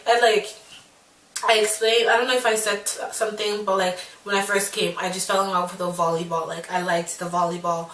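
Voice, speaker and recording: A woman in her twenties telling a personal story to camera in a casual vlog, acting out the lines she quotes. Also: distant mic. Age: 20s. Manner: animated, acts out quoted lines in shifting pitch. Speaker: vlogger. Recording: roomy echo, a bit off-mic.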